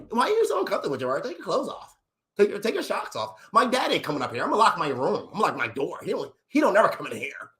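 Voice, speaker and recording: A young man tells comedic stories at a rapid clip, swearing freely and jumping between character voices. His voice sits high for a man and swings widely in pitch. The delivery is loud and animated. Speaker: comedic storyteller.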